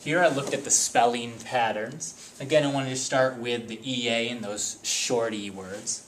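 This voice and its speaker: A man's voice: medium pitch, normal speed, hardly any pauses, a bit bright, slight background noise. A man teaching a spelling lesson, explaining carefully and reading word lists one word at a time.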